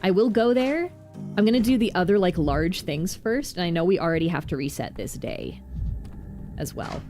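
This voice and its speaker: A woman vtuber giving casual gameplay commentary, chatty and self-mocking, with quick asides. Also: on the low side, expressive, music in the background. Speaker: vtuber streamer.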